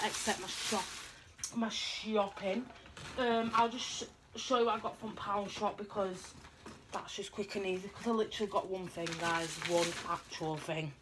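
A woman's voice: medium pitch, noisy background. A young woman chatting through a shopping haul in a rambling show-and-tell manner, recorded at home. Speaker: vlogger showing a haul. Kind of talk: casual chat.

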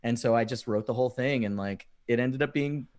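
A man telling funny stories as a podcast guest, animated and often laughing as he acts out quoted messages. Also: medium pitch, a little fast. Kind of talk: casual storytelling chat.

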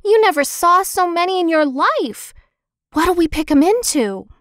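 A woman voicing a small, eager little boy who talks high and excitedly in a storybook reading. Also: unhurried, no echo, clean studio sound.

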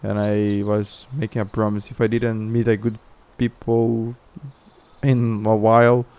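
A Brazilian man with a Brazilian Portuguese accent, a gaming YouTuber doing excitable, exaggerated commentary and in-game voice chat, swearing a lot. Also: fairly low pitch, measured pace.

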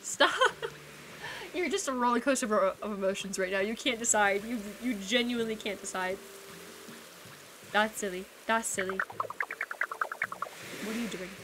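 A woman's voice: medium pitch, normal speed, long pauses, noisy background. A woman streaming a video game, chatting casually with viewers in a playful, teasing way. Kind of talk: casual live-stream chat while playing a game. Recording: game music playing behind the voice. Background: video game background music.

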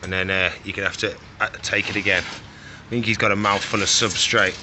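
A young man talks his way through feeding reptiles in a loose, chatty vlog manner. He coaxes and scolds the animals playfully, with a bright, forceful tone. Faint noise sits behind him. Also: fairly low pitch, level tone, fairly quick. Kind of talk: casual vlog narration while working.

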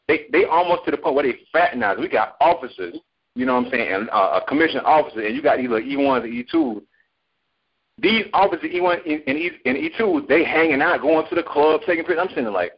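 A man's voice: medium pitch, slightly rough, muffled recording. A man calling in to a radio show, talking in a rambling, street-casual way with frequent restarts. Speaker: caller. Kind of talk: casual call-in radio talk.

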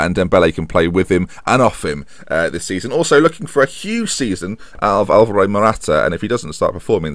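A man's voice: sits low, no echo. A man giving chatty, jokey let's-play commentary on a football management game as a gaming YouTuber, with self-deprecating asides.

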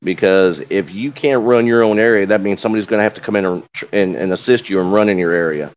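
A man's voice: on the low side, fast talker, lo-fi sound. A man with an accent, a corrections veteran speaking plainly on a panel, with many "you know" fillers. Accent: noticeable regional accent. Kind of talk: casual panel talk.

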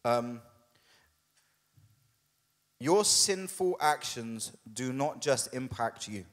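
A man preaching a sermon as a pastor, conversational and humorous, putting on quick voices for the people in his story. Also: medium pitch, expressive, fairly bright tone, big-room sound. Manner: conversational and humorous, with quoted asides. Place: church hall.

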